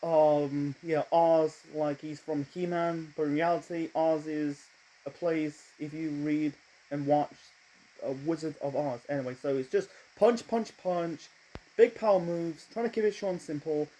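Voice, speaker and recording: A man talks through an old wrestling event in a loose, rambling way, blunt in his verdicts and quick to correct himself mid-sentence. His voice sits a little high but sounds mellow and soft-edged. At times he races ahead and has to slow himself down. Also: steady tone, poor audio. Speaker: wrestling show reviewer. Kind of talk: casual rambling review monologue.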